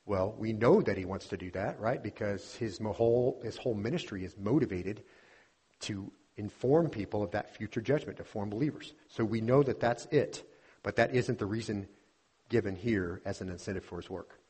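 Standing at the pulpit of a church sanctuary, a pastor gives an earnest teaching sermon, addressing his listeners as beloved while he explains scripture. His voice is fairly low, mellow and slightly rough, at a moderate pace.

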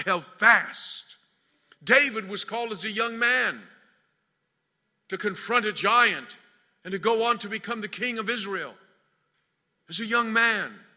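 A man delivers a sermon in a fairly high, very bright voice. He swells into loud, declaiming passages, then sinks to hushed, almost whispered lines. Long reverb from a large church hall trails every phrase. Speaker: preacher.

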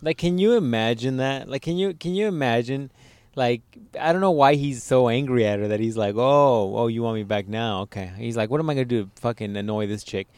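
A man's voice: medium pitch, fairly quick, smooth, no room sound. A man co-hosting a podcast, joking in loose crude banter and telling stories with a lot of swearing. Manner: loose, swearing, animated storytelling. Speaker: podcast co-host.

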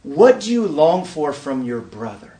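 A man giving a preaching-style conference talk, an animated storyteller who acts out scenes and asks the audience rhetorical questions. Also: on the high side, unhurried, recorded from a distance. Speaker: workshop speaker at a conference.

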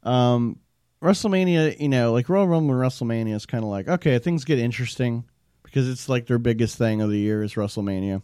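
Profane, rambling man with a mellow voice. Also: mid-range voice, a little fast, clean tone, dry recording, clean studio sound. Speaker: show host reviewing wrestling. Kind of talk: casual rant.

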